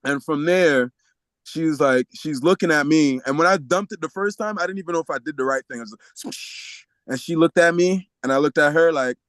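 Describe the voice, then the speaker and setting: Animated man telling a story. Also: a little high, a little fast, no echo. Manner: animated, acts out the voices in his story; laughs often while telling. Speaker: podcast guest. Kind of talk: storytelling in a casual interview.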